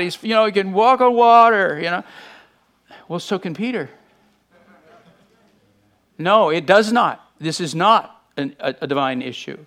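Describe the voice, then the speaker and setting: A man with a fairly high voice preaches a sermon. He talks to the congregation in a conversational way and acts out the voices of the people in the story with lively bursts. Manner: conversational and animated, acting out quotes.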